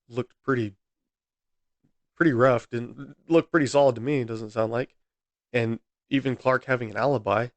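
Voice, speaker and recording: A man's voice: mid-range voice, dry recording. Male solo podcast host, mid-range voice, exasperated and rambling, dry close-mic sound. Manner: exasperated, repeatedly outraged, rambling with restarts. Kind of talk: solo true-crime podcast narration.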